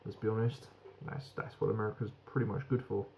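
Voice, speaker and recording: A man's voice: fairly low pitch, flat delivery, quick pace, gravelly, warm tone, poor audio. A British man giving a frank, rambling beer review that swears casually.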